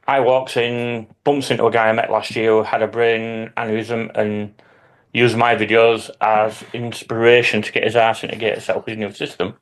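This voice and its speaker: A man, a hobby YouTuber, telling lively anecdotes in casual chat with some swearing. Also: on the low side.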